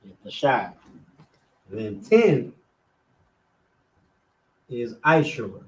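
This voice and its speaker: A man teaching a class, working slowly and methodically through words syllable by syllable and repeating each one. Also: medium pitch, sing-song, a little mellow. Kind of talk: classroom lesson.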